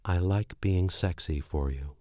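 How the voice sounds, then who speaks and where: A man voicing a shy, reluctant young woman, speaking hesitantly and sometimes in a breathy whisper. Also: sits low, a little slow, warm tone, no room sound, clean studio sound.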